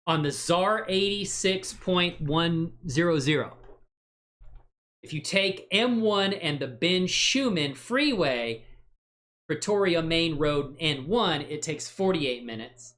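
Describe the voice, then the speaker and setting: A man streams himself doing software work, musing out loud in a relaxed, rambling way with plenty of jokes at his own expense and lots of laughter. His voice sits a little high, swings widely in pitch, and moves slowly.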